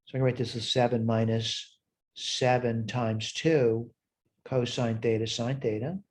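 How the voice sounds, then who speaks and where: A man's voice: medium pitch, steady tone, a little slow, a little hiss or hum. A man teaching a math lesson, thinking aloud as he works problems step by step at a whiteboard. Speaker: math instructor. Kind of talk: recorded math lesson walkthrough. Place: at a whiteboard, screen sharing.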